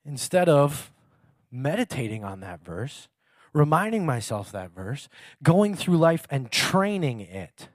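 A man's voice: fairly high pitch, very animated, slow pace, no room sound, clean studio sound. A man preaching a casual sermon in a chatty, self-mocking way, laughing often.

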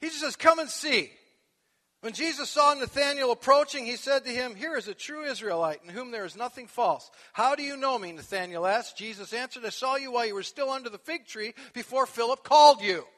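A male pastor preaching a sermon, animated, swinging from soft conversational asides to loud emphatic peaks. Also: extremely high pitch, a little fast, few pauses. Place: church sanctuary. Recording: long echo of a large hall.

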